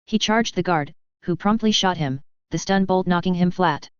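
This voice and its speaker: A woman narrating a science fiction story in a steady, even reading. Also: lowish voice, moderate pace, smooth, no echo. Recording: slightly dull close recording.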